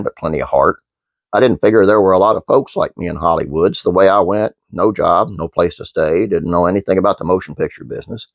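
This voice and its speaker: Deep, gravelly man reading trivia. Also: no room sound, lo-fi sound. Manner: reads aloud with fillers and restarts. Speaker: channel host. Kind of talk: reading a trivia script, then casual chat.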